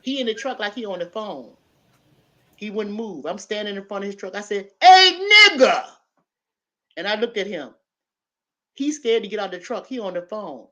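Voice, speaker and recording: A woman, a panel guest telling a story in casual chat and acting out the loud parts. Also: medium pitch, brisk. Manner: animated, builds to loud acted-out quotes.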